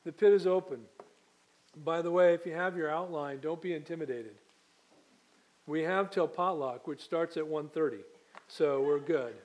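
A man's voice: on the high side, normal speed, long pauses, darkish tone, low-quality recording. A man preaching a sermon, reading scripture aloud and then explaining it with asides and small slips. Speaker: pastor.

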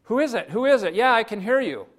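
A man voicing a desperate man stuck on a cliff, shouting and pleading for help. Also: medium pitch, moderate pace, close to an everyday voice. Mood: shouting frantically.

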